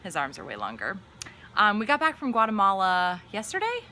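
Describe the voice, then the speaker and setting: A woman's voice: medium pitch, huge pitch swings, fairly quick, bright, forceful tone. A young woman co-hosting a casual chat show with her husband, talking in a chatty, teasing way with many fillers. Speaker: podcast co-host. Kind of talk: casual live-stream chat.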